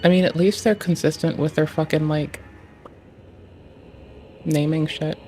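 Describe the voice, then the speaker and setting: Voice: medium pitch, fairly even intonation, measured pace, mellow, soft background music. A streamer talking casually and swearing freely, muttering to themself and asking the screen questions while fiddling with game graphics settings. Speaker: livestreamer.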